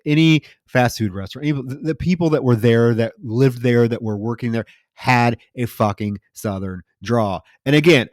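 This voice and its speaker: A man co-hosting a movie podcast, ranting in a profane, animated way as he recaps a film. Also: medium pitch, no echo, clean studio sound. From lived in Houston for years. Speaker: podcast co-host. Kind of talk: casual movie review chat.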